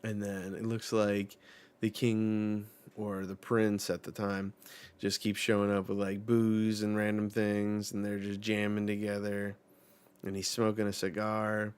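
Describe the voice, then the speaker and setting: A man's voice: lowish voice, monotone, a little slow, a little mellow, clean tone. A man hosting a casual live manga reaction, laid-back and rambling with many fillers.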